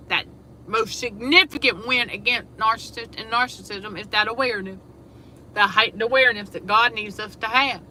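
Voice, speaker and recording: A woman's voice: on the high side, pushed and bright, poor audio. A woman hosting a casual spiritual talk livestream, emphatic and repetitive, who laughs often. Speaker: show host. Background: air conditioner hum.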